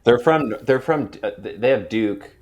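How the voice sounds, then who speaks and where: A man's voice: medium pitch, expressive, moderate pace, slight background noise. An American man on a casual podcast chat, loose and easygoing, saying dude a lot. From United States. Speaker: podcast panelist.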